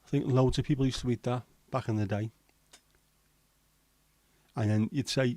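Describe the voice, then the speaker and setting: A middle-aged man, hosting a relaxed livestream and chatting with viewers in a jokey, rambling way. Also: mid-range voice, moderate pace, dry recording. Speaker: livestream host. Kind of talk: casual chat reading viewer comments.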